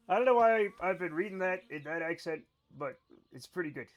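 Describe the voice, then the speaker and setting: A man's voice: sits high, expressive, brisk. A tipsy man streaming a game and chatting casually with his viewers, blunt and profane.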